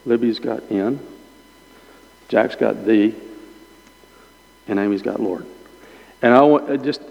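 Slow-talking pastor guy, stops and restarts a lot, dull lo-fi sound w/ long hall echo. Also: lowish voice, vocal fry. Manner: halting, repeats words while thinking aloud. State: chewing gum in his mouth. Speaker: pastor leading a Bible class. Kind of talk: informal teaching sermon.

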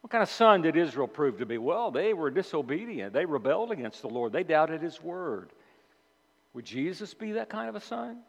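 A man's voice: fairly high pitch, big pitch swings, moderate pace, vocal fry. A male pastor preaching a sermon with emphasis, posing rhetorical questions to his congregation in a church. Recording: long reverb of a large hall.

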